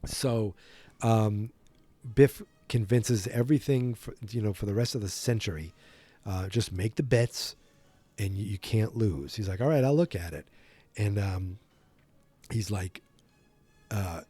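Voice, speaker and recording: A man's voice: fairly low pitch, fairly even intonation, a little slow, long pauses, warm tone, husky, no room sound, soft background music. A man hosting a podcast, retelling a film from memory in a rambling, self-correcting way and yawning as he goes. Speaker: podcast host.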